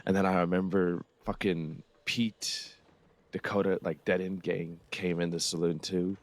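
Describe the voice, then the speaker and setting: A man's voice: sits low, level tone, measured pace, dry recording. A man chatting in character in a western roleplay game, telling a laid-back, profane anecdote.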